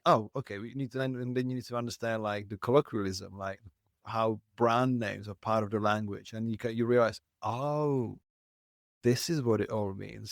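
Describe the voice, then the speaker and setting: A man's voice: medium pitch, no room sound, clean studio sound. A man hosting a podcast interview, who learned English as an adult, asking long, thoughtful questions and acting out little asides. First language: not English. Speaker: podcast host. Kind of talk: conversational interview.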